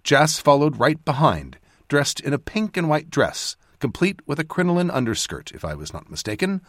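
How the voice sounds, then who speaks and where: Lively male storyteller, dry close sound. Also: normal speed, dry recording. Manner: voices characters with lively shifts in pitch and loudness. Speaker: audiobook narrator. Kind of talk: scripted narration.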